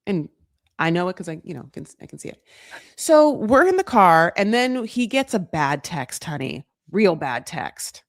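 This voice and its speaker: A woman's voice: fairly low pitch, big pitch swings, moderate pace, no echo, studio quality. A woman co-hosting a casual recap podcast, rambling and chatty with lots of fillers. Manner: chatty, lots of fillers, quotes people in put-on voices. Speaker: podcast co-host. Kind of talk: casual reality TV recap chat.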